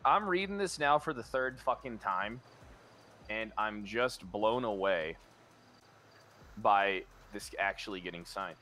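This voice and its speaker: A man's voice: on the low side, lively intonation, a little slow, bright, forceful tone, a little hiss or hum. A man talking in character in a role-play game, emphatic and incredulous.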